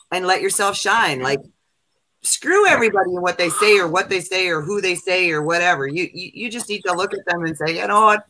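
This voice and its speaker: Emphatic woman with a bright voice. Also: on the low side, poor audio. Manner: emphatic, repetitive pep-talk. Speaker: co-host reading tarot cards. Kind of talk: casual livestream chat.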